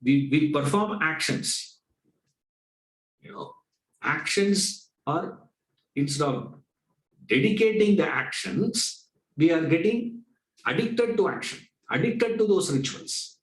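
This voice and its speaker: Male vedanta teacher, fairly high voice, rhetorical, echoey room. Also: expressive, slow pace, long pauses. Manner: conversational, rhetorical questions, acts out dialogues. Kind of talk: spiritual discourse lecture.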